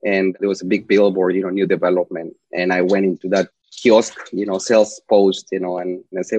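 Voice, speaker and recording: As a chatty interview guest, a man from Peru with a Spanish accent spins long, rambling stories fairly quickly, hardly pausing. His low, darkish voice shows little pitch movement. The lo-fi sound is dry, slightly dull and without echo.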